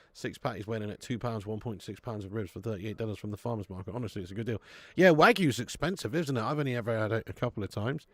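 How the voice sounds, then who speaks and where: A man's voice: mid-range voice, no room sound. Guy hosting a live football stream, chatty, swears a lot, dry close mic. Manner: chatty, laughs often, swears freely; reads out viewer messages. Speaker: host of a live football watch-along. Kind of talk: casual live stream chat.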